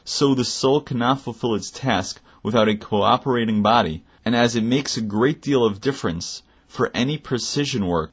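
Male teacher, husky voice, alternates reading a text with casual explanation, muffled lo-fi recording. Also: mid-range voice. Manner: reads passages then explains them in a plain conversational aside. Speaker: Torah teacher.

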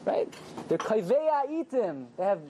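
Animated man teaching a Torah class. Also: sits high, measured pace, slight background noise. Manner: animated, questioning the audience and joking. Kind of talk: lively evening Torah class to a live group. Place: small room with a live audience.

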